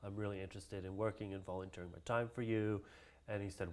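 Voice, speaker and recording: A man's voice: on the low side, fairly even intonation, fast. A man telling a story in a casual interview, laughing often and acting out the voices of the people he quotes. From Hawaii. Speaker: guest, cultural practitioner.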